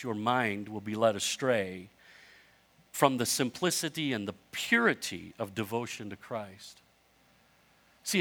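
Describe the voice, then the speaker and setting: Bright-voiced man preaching a sermon. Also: medium pitch. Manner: animated preaching, rising to loud emphatic runs; conversational storytelling with self-interruptions. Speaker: pastor.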